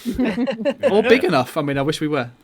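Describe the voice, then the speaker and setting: A man's voice: sits high, very animated, normal speed. A man in his thirties from England, hosting and running the game, chatting casually with a laid-back, rambling manner and frequent laughs. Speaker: host and dungeon master. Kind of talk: casual chat. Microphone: home mic on online call.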